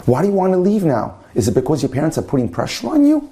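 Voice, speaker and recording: A man's voice: on the high side, wildly swooping pitch, fast, mellow, voice pushed up. A man voicing a caring male teacher in a told story who coaxes and insists, lifting his voice above his usual talk. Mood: coaxing. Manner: coaxing, insistent.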